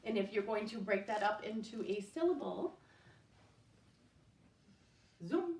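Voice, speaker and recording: A woman's voice: medium pitch, lively intonation, normal speed, darkish tone, recorded from a distance. A woman teaching a recorded spelling lesson at home, patiently sounding out words letter by letter. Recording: echoey room, voice off-mic.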